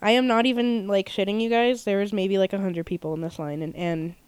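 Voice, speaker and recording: A woman's voice: medium pitch, fairly even intonation, a little fast, darkish tone, smooth, no echo. A young woman co-hosting a podcast, telling a long story in a rambling, casual way with lots of fillers. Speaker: podcast co-host. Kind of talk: casual chat.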